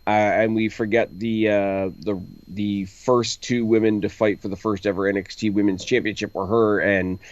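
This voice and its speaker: A lower-pitched man co-hosts a casual review chat, giving quick, emphatic opinions. His voice comes through a dull, lo-fi mic. The sound is dry and close. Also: flat delivery, no echo. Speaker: podcast co-host.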